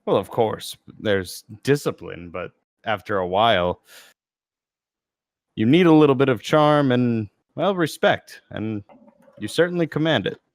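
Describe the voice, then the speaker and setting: A man's voice: medium pitch, animated, unhurried, dry recording, clean studio sound. A man voicing a charming noble lord who speaks in a courtly, gracious manner.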